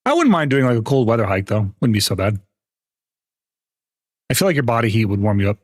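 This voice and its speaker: A man's voice: on the low side, very animated, brisk, dry recording, clean studio sound. Chatty young man streaming a game. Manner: chatty, laughs often, explains game mechanics to chat. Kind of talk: casual gameplay commentary.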